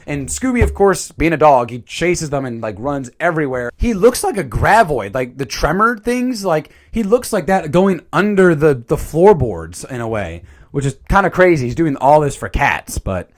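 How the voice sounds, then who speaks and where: Rambling, animated male reviewer, a bit high, lively pitch swings. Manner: rambling, animated, with fillers and mild swearing. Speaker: channel host. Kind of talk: casual movie review commentary.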